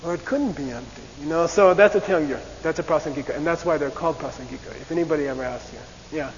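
A man teaching a class in a lively lecture style. He often checks in with "okay?" and acts out short debate phrases to show how they sound. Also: a little high, fast. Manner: animated, repeats "okay?" and acts out debate voices. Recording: long reverb, dull lo-fi hiss.

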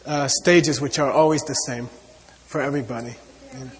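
Here a Buddhist teacher speaks in a mid-range, steady voice at a moderate pace, his words ringing through a large room. His spiritual talk to the audience is earnest, full of repeated points and frequent uses of "you know."

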